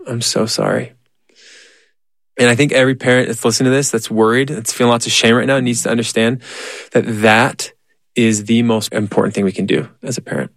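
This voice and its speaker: A man's voice: mid-range voice, creaky, dry recording, studio quality. A man in his thirties, a therapist, telling stories earnestly in a conversational interview. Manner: earnest, animated storytelling. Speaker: therapist and parenting guest.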